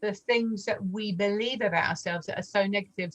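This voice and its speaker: An animated woman in her forties tells her story and acts out every voice in it, leaping up high for the quoted lines. Her voice sits at an ordinary middle pitch, and she speaks in casual testimony style. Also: brisk, poor audio. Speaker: guest sharing testimony.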